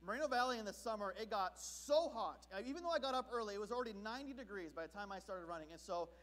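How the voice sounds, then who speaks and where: A man from Southern California preaching a sermon as pastor, telling a story in an animated, comic way. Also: high-pitched, racing.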